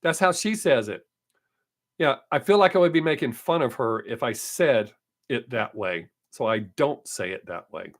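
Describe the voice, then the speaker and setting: A man's voice: medium pitch, expressive, moderate pace. A man hosting his weekly live stream, chatting casually and answering viewer comments, brushing off critics. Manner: dismissive of critics.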